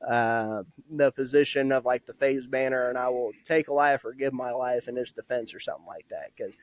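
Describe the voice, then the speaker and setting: A man's voice: medium pitch, fairly quick, dry recording. A young man in his twenties, a podcast guest telling casual stories about his army training, laughing often and swearing freely. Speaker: podcast guest, former soldier. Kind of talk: casual storytelling.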